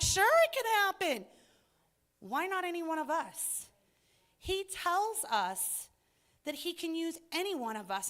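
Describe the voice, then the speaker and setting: A woman teaching an adult Bible study in an earnest, reflective way that rises to emphatic points. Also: sits high.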